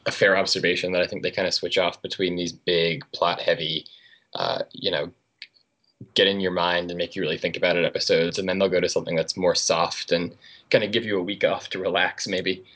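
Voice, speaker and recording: A male podcast guest with a very deep voice talks fast and eagerly. He piles up his thoughts in a chatty run with little pause. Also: little pitch movement, a bit bright. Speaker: guest contributor. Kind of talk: casual podcast chat.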